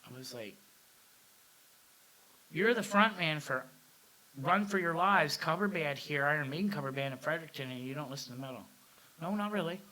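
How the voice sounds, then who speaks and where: A man's voice: on the high side, expressive, normal speed, long pauses, pushed and bright. A man chatting as a guest on a casual podcast, talkative and full of restarts. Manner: chatty, lots of fillers and restarts. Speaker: podcast guest, metal radio host. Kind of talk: casual chat.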